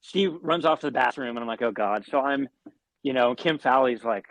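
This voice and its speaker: A man, a guest musician, telling animated anecdotes in an interview, swearing often and restarting his sentences. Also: mid-range voice, fairly quick, dry recording. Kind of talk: storytelling in an interview.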